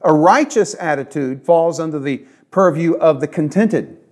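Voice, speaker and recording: A man's voice: a little high, normal speed, a little mellow. A man preaching a sermon in an earnest, conversational way, leaning on emphatic repetition. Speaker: pastor.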